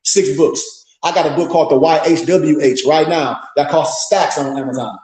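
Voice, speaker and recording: A man talks as a pastor and teacher, animated and boastful, slipping into quoted voices as he tells his stories. His voice sits high for a man. The room around him rings with echo. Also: moderate pace. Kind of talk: casual livestream talk.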